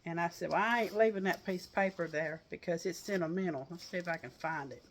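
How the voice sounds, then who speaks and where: Out on a porch, a crochet vlogger talks fast to her viewers in a fairly low voice, with slight background noise. She's folksy and rambling, a bit breathless, and laughs as she tells her stories.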